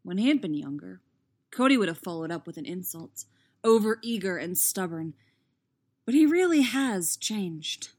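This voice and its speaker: A woman reading fan fiction aloud in a steady, expressive narration. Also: on the low side, normal speed. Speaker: audiobook reader.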